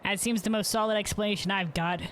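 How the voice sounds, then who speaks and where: A woman's voice: medium pitch, steady tone, fast, a little hiss or hum. A woman streamer giving casual gameplay commentary in a rambling, self-correcting way.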